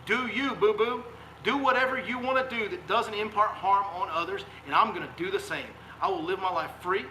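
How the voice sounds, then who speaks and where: Fiery high-voiced man ranting. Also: brisk, bright, forceful tone, slight background noise. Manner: fiery, emphatic, repeats rhetorical questions. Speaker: fishing guide and live-stream host. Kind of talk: heated political rant on a live stream. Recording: echoey room sound.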